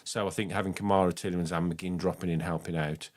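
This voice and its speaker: A man's voice: deep voice, steady tone, fast. A man with a Black Country accent hosting a fan phone-in show, chatty and enthusiastic with callers. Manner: chatty and enthusiastic, says mate a lot. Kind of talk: casual phone-in chat.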